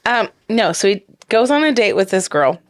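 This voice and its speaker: A woman co-hosting a casual podcast chat, telling a story with a giggly, animated manner and acting out the quotes. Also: mid-range voice, normal speed. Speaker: podcast co-host.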